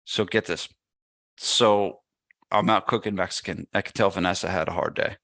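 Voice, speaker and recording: A man's voice: sits low, normal speed, gravelly, no room sound, studio quality. A man guesting on a podcast, telling a casual story and acting out what people said. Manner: animated anecdote teller, acts out quotes. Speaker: podcast guest, gym business owner.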